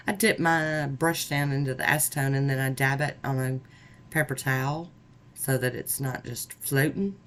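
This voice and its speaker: A woman vlogger chatting upbeat and warm-heartedly as she talks viewers through each step of her nail art. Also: low voice. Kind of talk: casual tutorial narration.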